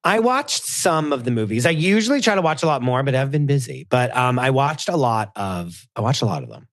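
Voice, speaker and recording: A man's voice: medium pitch, very animated, fairly quick. A man guest on a podcast, gushing in casual chat with lots of "like" and dramatic retelling.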